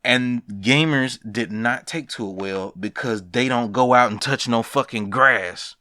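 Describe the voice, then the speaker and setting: A young man hosting a casual podcast, ranting about games with profanity, laughing asides and big animated swings. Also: medium pitch, a little slow, no echo. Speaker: podcast host. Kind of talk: casual gaming news rant.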